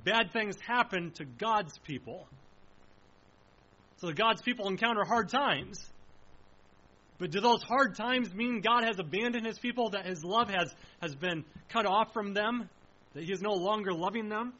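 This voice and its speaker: A man preaches a sermon with a high, bright voice. His delivery is earnest and emphatic, and he slows right down to stress the key lines. The recording sounds dull and lo-fi.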